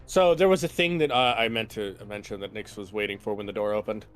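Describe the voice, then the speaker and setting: A man with a fairly low voice plays in a tabletop game and explains his character's plans calmly and evenly. Music sits faintly behind him. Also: fast, clear, resonant tone. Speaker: player. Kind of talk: casual chat while playing a tabletop game.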